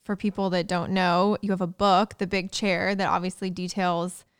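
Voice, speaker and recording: Woman, interviewer, casual chat, dry close sound, smooth tone. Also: lowish voice, flat delivery, normal speed, no echo.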